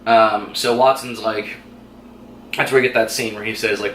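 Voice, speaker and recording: A man hosting a casual review vlog, retelling scenes with quick animated chatter and acted-out quotes. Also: lowish voice. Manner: fast, animated retelling with quoted lines and laughs. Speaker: vlog host reviewing a TV episode. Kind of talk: casual chat. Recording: echoey room with faint noise.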